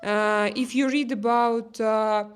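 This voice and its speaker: A woman with a Russian accent chats casually on a livestream, answering viewer comments. She talks slowly and hesitantly, with many fillers and restarts, in a fairly high voice. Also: steady tone, smooth. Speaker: livestream host. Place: outdoor terrace.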